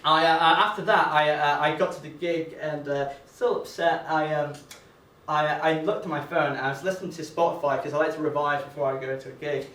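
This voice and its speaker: A man's voice: fairly high pitch, fairly even intonation, fairly quick, a bit bright. A young man from Northern England performing a rambling, self-deprecating stand-up comedy set on a venue stage, with lots of stammered restarts. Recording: roomy, distant mic with faint venue ambience.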